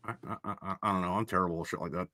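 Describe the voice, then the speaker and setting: A man's voice: low voice, steady tone, very fast, pushed and bright, dry recording. A man hosting a casual live-stream chat about his own books. He rambles and puts himself down, with plenty of fillers and restarts. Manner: rambling and self-deprecating, full of fillers. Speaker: host and author of the books.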